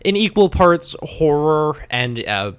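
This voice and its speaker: Slow-talking man running a tabletop game. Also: a little high, sing-song, smooth. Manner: unhurried, filler-heavy narration. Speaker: game master.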